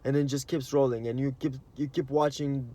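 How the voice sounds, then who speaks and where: A man's voice: medium pitch, fairly even intonation, brisk, mellow. A man giving a rambling, earnest spiritual monologue in casual slang, with plenty of "you know" and "like". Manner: rambling and earnest, acts out quoted inner voices. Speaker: spiritual vlogger.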